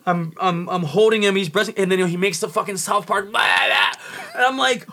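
A man's voice: high voice, quick pace, fairly bright tone, slight background noise. A man with a Californian accent telling a story in casual chat, frantic and swearing, acting out the people in it. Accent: Californian English. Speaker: podcast guest.

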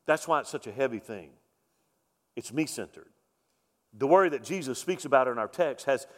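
Emphatic preacher in a reverberant hall. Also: male voice, a little high. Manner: emphatic, repeats key lines, rhetorical questions. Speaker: pastor. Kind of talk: sermon. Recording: long reverb of a large hall.

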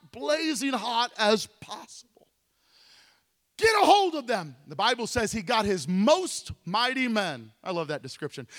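A man, a pastor, preaching a fervent storytelling sermon in a church, often shouting to the congregation. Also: very high voice. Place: church sanctuary. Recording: long church reverb.

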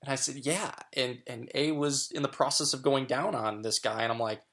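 Middle-aged male guest, frank, rambling storyteller, mid pitch. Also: a little fast, a bit bright. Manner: frank, chatty, many fillers and restarts. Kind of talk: candid personal storytelling.

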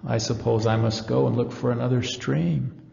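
A man's voice: medium pitch, steady tone, normal speed, creaky, a little mellow. A man voicing a thirsty, frightened young girl who speaks hesitantly. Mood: timid. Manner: hesitant, fearful. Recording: echoey hall, dull lo-fi.

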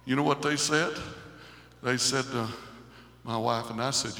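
A man preaching a Pentecostal sermon, moving from quiet talk up to loud, high shouting. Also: fairly even intonation, measured pace, creaky, pauses often. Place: church sanctuary. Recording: echoey hall with congregation.

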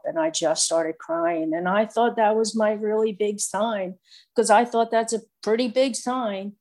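A woman's voice: medium pitch, fairly even intonation, unhurried, darkish tone. A middle-aged woman giving a candid, rambling personal testimony full of fillers. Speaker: speaker sharing recovery story.

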